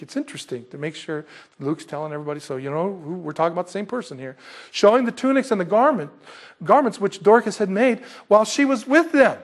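A husky-voiced man preaching a verse-by-verse sermon. His voice sits a little higher than most men's. He talks to the congregation casually and animatedly, acting out the scenes he describes. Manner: animated, conversational, acts out scenes. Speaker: pastor. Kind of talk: expository sermon.

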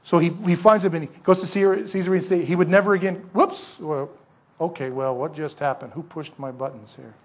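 A man with a high, husky voice preaches from the pulpit as pastor. He works through the passage like a lively storyteller, tossing rhetorical questions at his listeners. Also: fairly quick. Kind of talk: expository sermon.

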